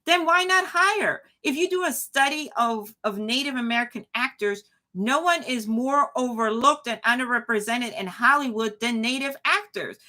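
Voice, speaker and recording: A woman's voice: fairly high pitch, moderate pace, hardly any pauses, pushed and bright. A woman hosting a live commentary show, talking emphatically with frequent restarts and replies to chat. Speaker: show host.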